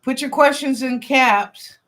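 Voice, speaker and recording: Slow, chatty woman giving psychic readings. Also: sits high, a bit bright. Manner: chatty and informal, thinks aloud, repeats phrases. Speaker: psychic reader and show host. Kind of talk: live-stream psychic readings, answering chat questions.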